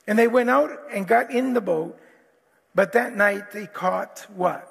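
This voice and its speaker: Gravelly high-voiced male pastor in a hall. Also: a little slow. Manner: animated, repetitive restarts, acts out quotes. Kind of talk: sermon. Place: church hall. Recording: long hall reverb, faint guitar.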